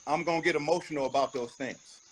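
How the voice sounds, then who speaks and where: Blunt, emphatic man with a high voice. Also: fast, slight background noise, low-quality recording. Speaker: rapper, interview guest. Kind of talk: candid interview talk.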